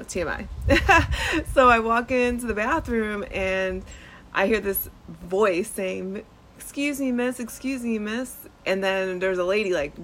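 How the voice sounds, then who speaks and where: A woman hosts her podcast from a front porch, telling a story casually and chattily with plenty of fillers and laughs. Her voice has a gravelly, fried edge, and faint outdoor ambience sits behind it. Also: mid-range voice, a bit bright, a little hiss or hum, poor audio. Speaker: podcast host and nurse.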